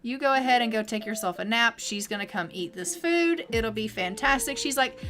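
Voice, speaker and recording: A woman streamer giving casual let's-play commentary, chatty and full of fillers and quick asides. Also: a little high, animated, fairly bright tone, soft background music. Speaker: game streamer.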